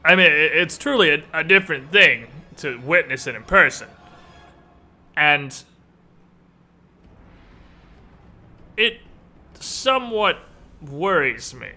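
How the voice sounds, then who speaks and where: A man voicing an earnest male army commander trained with the sword, speaking gravely and hesitantly over voice chat. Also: a little high, expressive, unhurried, pushed and bright, soft background music, exaggerated voice. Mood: worried.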